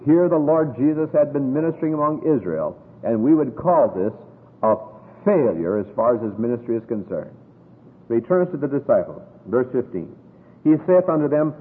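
An American man preaching a sermon, emphatic and drawing out scripture quotes slowly. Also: mid-range voice, very animated. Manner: emphatic, drawn-out quoting of scripture. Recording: echoey hall over a tinny phone-like line.

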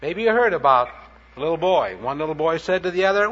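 Man, preacher, animated sermon, high voice, lively swings in pitch, muffled old recording. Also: fast talker. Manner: animated storytelling preacher, plain-spoken with punchy anecdotes. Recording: dull lo-fi recording.

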